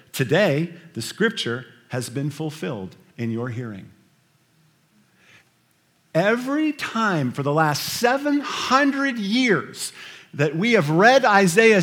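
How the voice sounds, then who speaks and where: A man preaching a sermon, shifting between hushed scripture reading and loud, emphatic storytelling. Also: high-pitched. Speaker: pastor.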